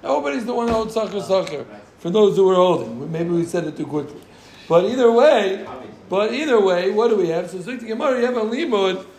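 A man with a high voice leads a relaxed Talmud class, going over each point twice and teasing his students along the way. The room around him is echoey. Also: brisk. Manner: repeats phrases, joking asides to students. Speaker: Talmud teacher. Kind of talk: casual Gemara class teaching.

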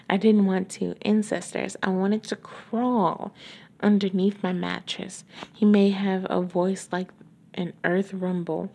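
Woman reader, slow gravelly delivery, husky tone, chatty asides between passages. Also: on the low side, a little mellow. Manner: chatty asides full of fillers. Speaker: podcast host reading a novel aloud. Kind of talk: book reading with casual commentary.

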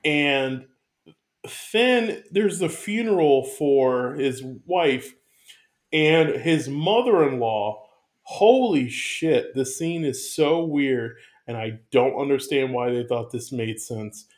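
A man chatting casually about a film, animated and profane, rambling with restarts as he talks. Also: mid-range voice, slow pace. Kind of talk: casual movie review chat.

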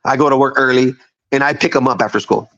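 A man's voice: medium pitch, fairly even intonation, fast, a bit bright. Profane, rambling fifty-year-old man. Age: 50s. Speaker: podcast guest. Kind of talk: casual storytelling. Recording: dull lo-fi sound.

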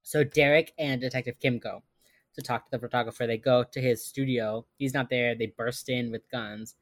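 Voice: medium pitch, steady tone, normal speed, no room sound. A podcast host walks through an episode's plot scene by scene from notes, in a loose, chatty way full of fillers. The voice sits in a middle range and sounds dry and close. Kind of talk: casual chat.

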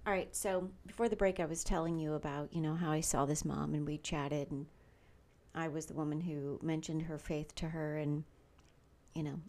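Chatty woman podcaster with a gravelly, mellow voice. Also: low-pitched, steady tone, normal speed. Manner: chatty, personal, frequent fillers. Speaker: podcast host. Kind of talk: faith-based podcast monologue.

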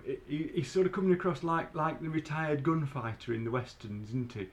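A man's voice: fairly high pitch, fairly quick, hardly any pauses. A man, chatting casually as a podcast co-host, agreeable and fond of tag questions. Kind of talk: casual chat.

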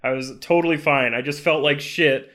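A man co-hosting a casual podcast, telling anecdotes with lots of laughter and swearing, jumping up in pitch when he acts out what people said. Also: moderate pace. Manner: animated storyteller, acts out quotes with big pitch jumps; swears freely, laughs often. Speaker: podcast co-host.

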